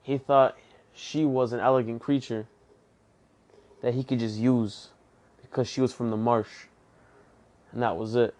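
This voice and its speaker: A man's voice: medium pitch, level tone, unhurried, pauses often, darkish tone. A young man hosting a casual book review podcast, talking in a chatty, plainspoken and repetitive way.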